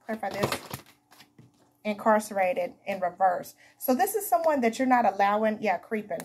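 Female tarot reader, mid-pitched and a little husky; casual, emphatic, talks straight to her viewers. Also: darkish tone. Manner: chatty, talks to viewers as "honey" and "baby"; emphatic, repeats herself. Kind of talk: casual tarot reading to camera.

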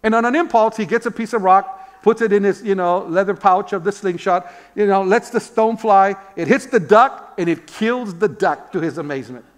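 High-voiced man preaching a sermon. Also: moderate pace, hardly any pauses. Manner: storytelling with rhetorical questions and calls of amen; repeats words when searching for them. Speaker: pastor.

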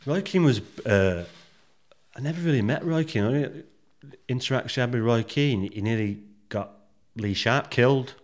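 A man's voice: mid-range voice, moderate pace. A man guest on a podcast, telling rambling anecdotes bluntly and swearing freely. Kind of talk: casual storytelling interview.

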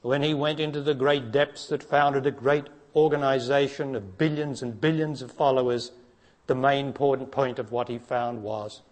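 A man giving a spiritual talk to an audience, blunt and challenging, dropping to hushed tones and then rising to emphatic ones. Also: fairly even intonation, normal speed. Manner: blunt, challenging, preacher-like, asks direct questions; swings between hushed low passages and raised emphatic ones. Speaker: spiritual teacher.

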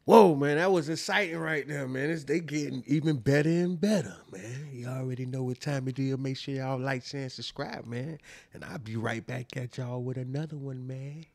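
A man hosting a live reaction stream. He talks in a laid-back, casual way and ends his phrases with a drawn-out "man.". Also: medium pitch, creaky, a little mellow, dry recording.

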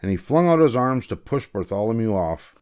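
An older man, a grandfather, reading a picture book aloud in a gentle, measured way. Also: on the low side, big pitch swings, clear, resonant tone. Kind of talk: storybook read-aloud.

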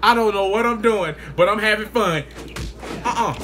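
A young man commentating his own gameplay live, hyped up, shouting trash talk at opponents and laughing and joking to himself. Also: sits high, lively intonation, normal speed, background noise. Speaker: gaming video creator. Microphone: desk mic with face cam. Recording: game sounds loud behind the voice.

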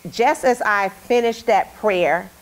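A woman's voice: medium pitch, takes it slowly. A woman talk show host, now the guest in an interview, telling a personal story in a candid, heartfelt way.

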